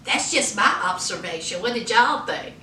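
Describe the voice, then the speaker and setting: A woman's voice: medium pitch, animated, normal speed, pushed and bright, reverberant, recorded from a distance, a little hiss or hum, poor audio. A woman recapping a TV episode in a sassy, chatty way, calling her viewers honey and child. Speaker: TV episode reviewer. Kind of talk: casual TV recap.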